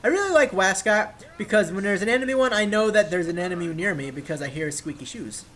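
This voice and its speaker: A man giving casual, rambling commentary over his own gameplay footage, drifting into excitable tangents and swearing freely. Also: high voice, quick pace.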